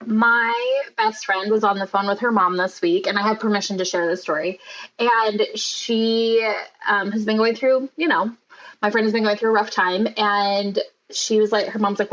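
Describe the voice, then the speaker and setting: A woman's voice: medium pitch, normal speed, fairly bright tone. Storytelling woman guest, muffled sound. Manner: storytelling, acts out quoted voices. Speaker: podcast guest. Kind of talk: casual podcast chat.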